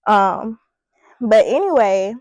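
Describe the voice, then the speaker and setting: A woman's voice: medium pitch, lively intonation, slow pace, darkish tone, no room sound. A young woman vlogger chatting casually and reflecting on herself, using casual slang and sounding slightly out of breath. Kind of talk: casual chat while styling her hair.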